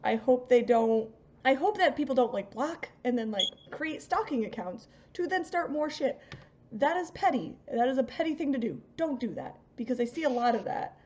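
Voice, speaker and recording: A woman's voice: high-pitched, lively intonation, normal speed, darkish tone, lo-fi sound. A woman hosting a casual stream, talking bluntly and scolding her chat. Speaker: stream host.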